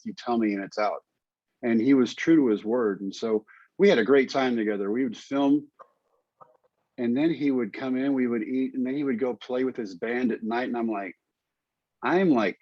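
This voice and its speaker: A man's voice: medium pitch, no room sound. Guest, male, 50s, easygoing storyteller, dry, dull remote audio. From Texas, United States. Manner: relaxed, anecdotal, acts out quotes. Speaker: guest, speaker and author. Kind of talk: storytelling interview answers.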